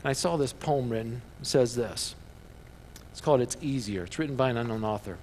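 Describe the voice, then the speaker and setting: A man preaching a sermon as a pastor, telling stories with bursts of loud excitement. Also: medium pitch, a little fast, long reverb tail, slight background noise.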